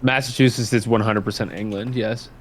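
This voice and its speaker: A man's voice: mid-range voice, fairly even intonation, brisk. Rambling young man, Southern accent. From Nashville, Tennessee. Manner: rambling, swears, laughs at his own stories. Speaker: co-host guest. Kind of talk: casual chat.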